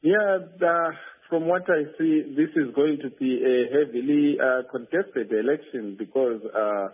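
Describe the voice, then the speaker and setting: A man's voice: medium pitch, unhurried, slightly rough. A male field reporter phoning in a news report, speaking hesitantly with many fillers and restarts. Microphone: telephone. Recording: tinny phone line.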